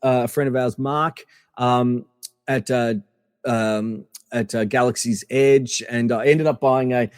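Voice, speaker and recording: A man's voice: medium pitch, a little slow, clean tone, dry recording, studio quality, in a large hall. Chatty Australian man telling stories. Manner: animated anecdotes with many fillers and restarts. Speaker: podcast guest. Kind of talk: casual storytelling interview.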